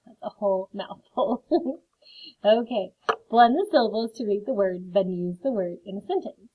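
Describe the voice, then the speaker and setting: A woman teaching a phonics lesson to children, slowly sounding out word parts. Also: medium pitch, breathy edge. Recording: phone-like narrow sound.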